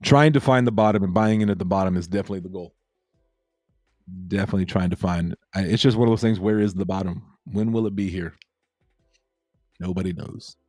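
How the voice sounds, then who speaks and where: Male livestream host, low mellow voice, loose repetitive chatter, dry close mic. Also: quick pace, dry recording, soft background music. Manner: laid-back, repeats himself, reads chat aloud. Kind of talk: casual livestream chat with viewers.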